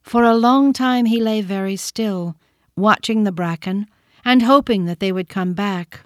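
A woman narrating a children's storybook in a gentle, measured reading. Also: medium pitch, no room sound, clean studio sound.

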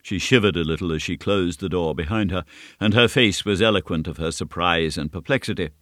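A man reading a classic novel aloud as scripted narration, in a measured, steady storytelling manner. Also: low-pitched, dry recording, studio quality. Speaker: audiobook narrator.

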